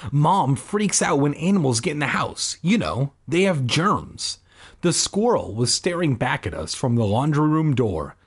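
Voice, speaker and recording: A man's voice: a little high, sing-song, measured pace, breathy edge. A man reading a children's book aloud, cutting in with sarcastic jokes. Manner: sarcastic, jokey interruptions. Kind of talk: comedic book reading with asides.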